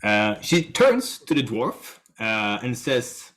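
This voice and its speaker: A man with a fairly low voice runs a tabletop game, narrating in an unhurried, relaxed way. He pauses often with fillers as he sets up each scene. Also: slight background noise. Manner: relaxed, drawn-out storytelling with fillers. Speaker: game master.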